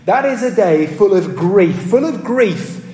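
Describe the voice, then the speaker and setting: Warm in tone and sitting high, this man's voice is expressive and measured in pace. He preaches earnestly in a church hall with roomy reverb, questioning the congregation and checking in with them often, repeating words each time he restarts.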